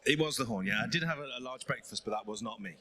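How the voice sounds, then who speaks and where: Man, mid-pitched voice, car presenter, enthusiastic, joking, auction sale room. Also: quick pace, bright, forceful tone.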